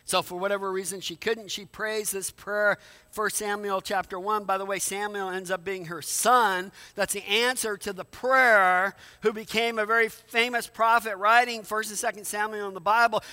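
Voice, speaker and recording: A man's voice: high voice, steady tone, moderate pace, pushed and bright. A man preaching a sermon in a conversational way, often repeating words and asking rhetorical questions. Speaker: pastor.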